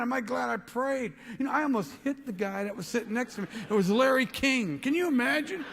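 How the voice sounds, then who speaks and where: A man giving a motivational keynote speech, telling an excitable story and rising to shouts. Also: high-pitched, creaky, in a large hall. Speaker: motivational speaker.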